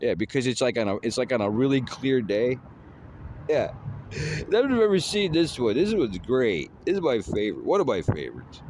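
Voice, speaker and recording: A man's voice: mid-range voice, wildly swooping pitch, normal speed, background noise. A man rambling in a casual monologue, drawling with lots of fillers like "you know" and "man".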